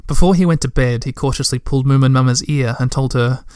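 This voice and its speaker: Man narrating a storybook, gentle and measured, dry close sound. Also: mid-range voice, clear, resonant tone, no room sound. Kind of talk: storybook reading.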